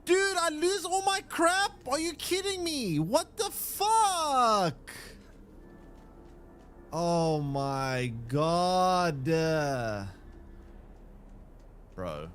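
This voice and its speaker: A man's voice: high voice, sing-song, very slow, pauses often, fairly bright tone, soft background music. A man streaming a game, ranting in exasperation and swearing at what happens on screen. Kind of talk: live gameplay commentary.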